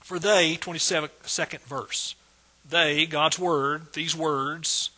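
A middle-aged man preaches with exuberant energy, repeating his points and calling out praise. His voice is bright and forceful, with a husky edge, and sits a little high for a man. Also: unhurried. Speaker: pastor. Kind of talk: sermon.

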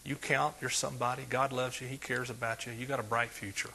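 A man preaching a sermon, folksy and animated, dropping soft and then rising loud. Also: medium pitch, fairly quick, gravelly, a little hiss or hum.

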